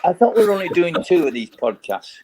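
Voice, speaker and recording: An older man, a retired footballer appearing as a guest in a casual podcast chat, tells rambling anecdotes full of laughter and frequent restarts. His voice sits high, very animated and fast, against heavy background noise.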